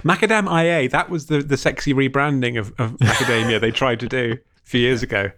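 A man's voice: mid-range voice, fairly even intonation, brisk, fairly bright tone. A man co-hosting a comedy podcast, rambling and joking, laughing often as he talks. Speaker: podcast co-host. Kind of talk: casual comedic chat.

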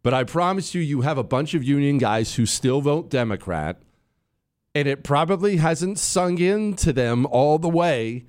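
A man's voice: fairly high pitch, unhurried. A middle-aged man hosting a political talk show, delivering an opinionated monologue and calling out to his producers and listeners. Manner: animated, opinionated, addresses producers and listeners directly.

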